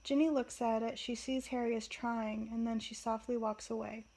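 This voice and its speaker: A woman casually reading stage directions aloud from a play script, quiet and soft. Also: a little high, flat delivery, moderate pace, rough recording. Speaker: reader and commentator.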